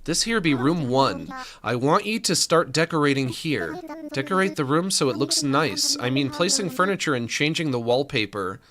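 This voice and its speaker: A man voicing a bubbly female pirate creature who talks in a high, chirpy pirate lilt full of "ye" and "arr". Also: very animated, normal speed, crowd noise, natural voice. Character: bubbly pirate woman creature, the captain's wife.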